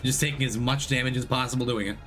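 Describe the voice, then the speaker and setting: A streamer chats casually with viewers as he plays, rambling and correcting himself while still recovering from an illness. He speaks fast at a medium pitch with fairly even intonation. Game music is clearly audible beneath him.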